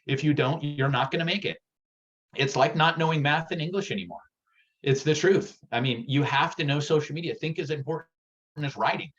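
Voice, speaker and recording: A man giving a real estate sales workshop, energetic and direct, getting worked up as he talks. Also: fairly high pitch, a little fast, dull audio. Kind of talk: workshop presentation.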